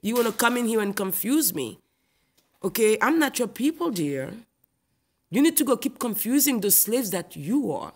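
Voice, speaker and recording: A woman from Haiti delivers a confrontational comic rant. She is haughty and scolding, like a queen talking down to someone. Her voice sits slightly high. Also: big pitch swings, normal speed. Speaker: comedian.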